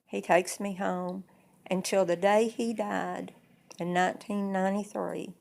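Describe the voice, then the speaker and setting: A woman telling a personal family story in plain, unhurried present-tense sentences. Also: medium pitch, fairly even intonation, vocal fry, a little mellow. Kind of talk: oral storytelling.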